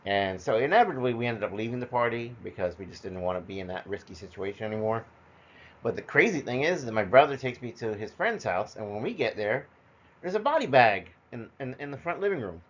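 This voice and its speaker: A man's voice: medium pitch, very animated, fairly quick, fairly bright tone. A middle-aged man telling personal stories in a loose, conversational way, full of fillers, heard as a dull lo-fi recording. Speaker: storyteller. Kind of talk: personal storytelling monologue.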